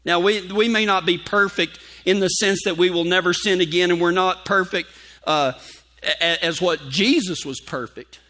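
A pastor tells a folksy story from the pulpit. His voice sits high and sounds bright and forceful, and he softens to a hush when he reads scripture. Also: normal speed. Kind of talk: sermon with personal story.

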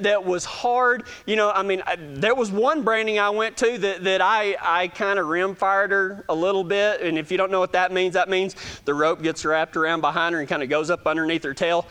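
High-voiced Texan man telling folksy stories. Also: steady tone, moderate pace, a bit bright, clean tone. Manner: folksy and self-joking, with frequent stammered restarts. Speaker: speaker addressing a gathering. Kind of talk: casual storytelling talk to an audience.

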